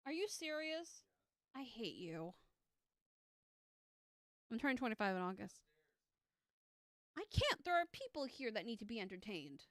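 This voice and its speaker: A woman in her thirties chats casually on a live stream as a tarot reader, rambling, teasing herself, and full of fillers and restarts. Her voice is a little high with big pitch swings, a moderate pace, and long pauses. The recording is dry and studio quality.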